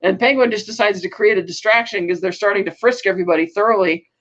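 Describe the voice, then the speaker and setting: A man's voice: high voice, fast talker, fairly bright tone, lo-fi sound. A man co-hosting a podcast, recapping a TV episode in a rambling way with many fillers. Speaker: podcast co-host.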